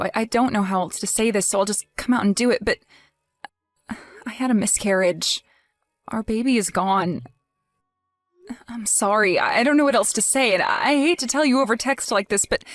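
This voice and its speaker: A woman's voice: fairly high pitch, no room sound, natural voice. A woman voicing a grieving young wife in a text-message drama, pleading and then outraged. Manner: emotional, pleading, rising to outraged.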